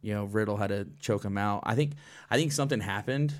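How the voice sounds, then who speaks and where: A man hosting a casual chat about wrestling, animated, laughing often and swearing a lot. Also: on the low side, fast. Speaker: podcast host.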